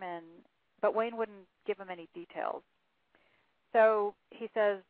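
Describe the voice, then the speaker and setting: Speaking unhurriedly over a phone line, a woman author guest tells the story of a case at length, reading out quotes and often using fillers. Her voice is medium-pitched with fairly even intonation, in a dry recording.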